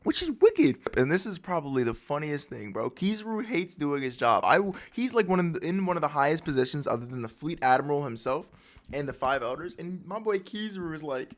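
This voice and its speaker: A man casually recapping a manga chapter with excited slang and his own sound effects. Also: on the high side, fairly quick. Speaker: manga breakdown host.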